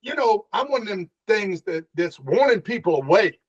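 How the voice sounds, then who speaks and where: A man's voice: high voice, animated, moderate pace, breathy edge, pitched above the performer's own voice. A man voicing a big, strong, eager man who keeps insisting he is on the job and repeats himself. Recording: dull lo-fi sound.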